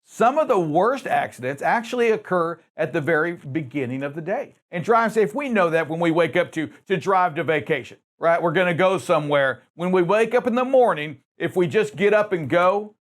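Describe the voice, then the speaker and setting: Man, high voice, trucking show host, emphatic, repeats words, talks to drivers. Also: animated, moderate pace, hardly any pauses. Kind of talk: trucking safety show talk.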